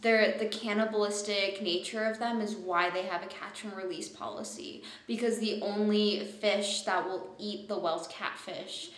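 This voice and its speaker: A woman's voice: medium pitch, steady tone, measured pace, hardly any pauses. Chatty woman podcast co-host. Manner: chatty, laughs often, retells the episode. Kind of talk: casual chat. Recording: roomy echo.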